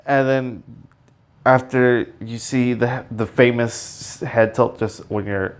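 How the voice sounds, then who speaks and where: A man hosting a casual solo podcast, rambling excitedly with many fillers and restarts and sudden emotional outbursts. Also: medium pitch, slow pace. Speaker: podcast host.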